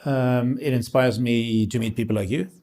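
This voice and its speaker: A man's voice: medium pitch, moderate pace. Upbeat Norwegian-raised man being interviewed. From Norway. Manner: energetic, upbeat, with frequent fillers and restarts. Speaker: sovereign wealth fund CEO and podcast host. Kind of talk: casual interview conversation.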